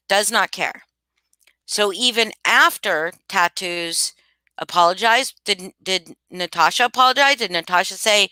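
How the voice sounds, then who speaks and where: A woman's voice: medium pitch, pushed and bright, no echo. A woman talking casually to her live chat, emphatic and repeating her points with many restarts. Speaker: livestream commentator. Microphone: home streaming mic.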